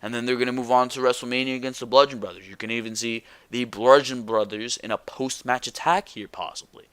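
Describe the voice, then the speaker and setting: A man hosting a wrestling predictions show, talking bluntly and excitably with casual swearing and slang. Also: mid-range voice, fast, smooth, no room sound.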